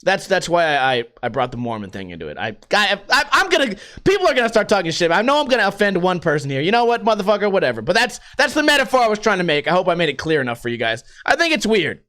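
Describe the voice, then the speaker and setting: A man's voice: very animated, quick pace, few pauses, pushed and bright. A young man hosting a podcast, ranting in a casual, profane, rambling way. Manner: profane, rambling, swings pitch for emphasis. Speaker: podcast host. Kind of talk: casual rant.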